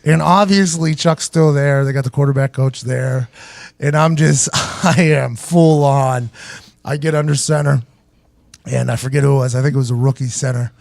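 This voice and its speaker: A man's voice: mid-range voice, moderate pace, vocal fry, dry recording. A young man hosting a talk show, telling a long, profane story and acting out what other people said. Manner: animated, profane, acts out other people's lines. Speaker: podcast host. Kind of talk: casual storytelling.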